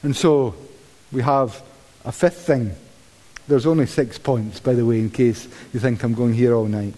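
A male preacher giving a sermon in a lively, conversational way, with dry humour and repeated words, in a church hall. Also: mid-range voice, a little slow.

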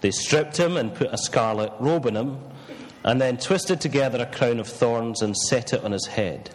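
Preacher in a reverberant church. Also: male voice, mid-range voice, animated. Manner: measured reading, then hesitant with fillers. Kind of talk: scripture reading and sermon.

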